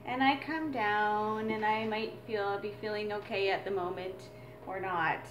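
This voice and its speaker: A woman's voice: medium pitch, steady tone, measured pace, dull audio, background noise. A woman teaching a drumming exercise as a mother, explaining in an earnest, reflective way. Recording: echoey room with drums.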